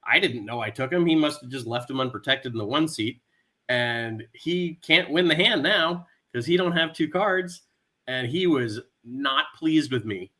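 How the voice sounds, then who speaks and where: A man telling a casual story about dealing poker. He talks in a relaxed, slightly halting way and gets loud when he acts out what players said. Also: medium pitch. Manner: relaxed, a bit halting, with loud acted-out quotes. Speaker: poker dealer, podcast guest.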